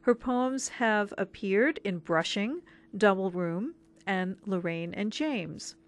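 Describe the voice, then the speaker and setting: A woman hosting a radio arts program, reading a scripted introduction and asking interview questions in a clear, measured way. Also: mid-range voice, expressive.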